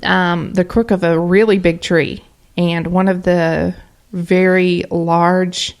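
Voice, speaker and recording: Lower-pitched woman, rambling co-host, lots of ums. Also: level tone, takes it slowly. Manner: chatty, rambling, with many fillers. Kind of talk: casual podcast chat.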